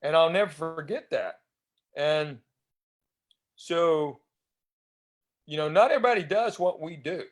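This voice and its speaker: A man's voice: a little high, measured pace, long pauses. A man in his fifties with a Southern US accent, a comedian chatting as a guest and telling rambling stories. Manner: chatty, rambling, acts out other people's lines. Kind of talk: casual anecdotal storytelling.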